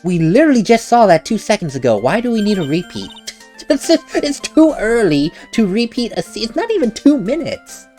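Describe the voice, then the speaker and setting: Chatty let's play host, male, rambling and laughing, lively pitch over faint game music. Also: moderate pace. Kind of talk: casual let's play commentary.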